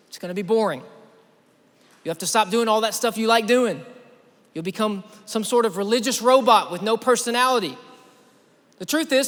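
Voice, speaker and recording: High-voiced man preaching in a reverberant hall. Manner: energetic storytelling, addresses the crowd directly. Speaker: youth conference speaker. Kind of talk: sermon. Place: large church auditorium.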